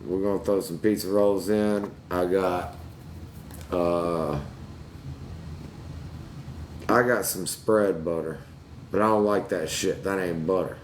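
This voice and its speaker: Man, low voice, crude laid-back storyteller who laughs at his own jokes, faint hiss. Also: fairly even intonation, unhurried. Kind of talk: casual storytelling chat.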